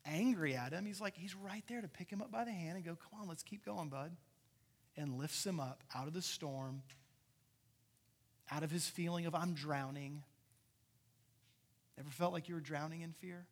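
A man preaching a sermon in a casual, conversational way, swinging between loud excitement and soft, intimate passages. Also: on the high side, husky. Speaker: pastor.

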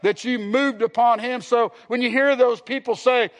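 A man preaches a sermon from the pulpit in a church, his voice pitched unusually high. He talks earnestly, repeats phrases and throws questions out to the congregation. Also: steady tone, moderate pace. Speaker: pastor. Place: church sanctuary.

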